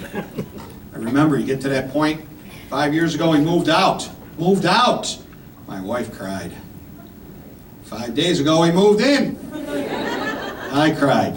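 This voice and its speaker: Fifty-something man doing stand-up, echoey club. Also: on the high side. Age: 50s. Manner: punchy, rambling delivery with frequent "right?" and "man". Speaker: stand-up comedian. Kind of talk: stand-up comedy set. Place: comedy club stage. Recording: echoey club mic heard from far off, audience noise. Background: audience laughter.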